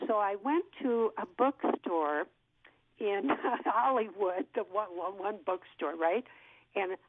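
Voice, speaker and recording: A woman in her sixties, an actress, telling an animated story in an interview and acting out what people said. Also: mid-range voice, slow, a little hiss or hum. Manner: lively storyteller who acts out what people said. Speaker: actress guest. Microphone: telephone. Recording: tinny phone line.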